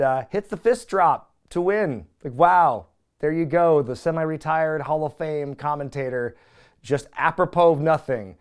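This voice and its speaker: A man hosting a podcast, recapping casually with incredulous, animated commentary and casual swearing. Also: a little high, clean tone. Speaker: podcast host.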